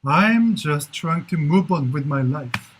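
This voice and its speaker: A man shadows English drama dialogue, repeating each phrase many times. His voice is husky and sits a little high, and he speaks slowly and with care. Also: animated, poor audio. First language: Korean. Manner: repeats short phrases again and again, slow and careful. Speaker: English learner. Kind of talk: shadowing drills of drama lines.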